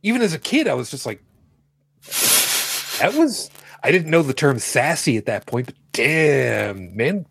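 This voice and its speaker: A man's voice: fairly high pitch, sing-song, normal speed, long pauses, slightly rough, dry recording. A man co-hosting a casual talk show, rambling, joking and correcting himself as he goes. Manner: rambling, self-correcting, jokey. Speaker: podcast co-host. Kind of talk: casual chat.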